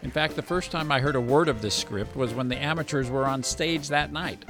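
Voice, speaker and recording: A man's voice: medium pitch, brisk, over music. A man hosting a podcast, telling his story in a wry, reflective way. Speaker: podcast host.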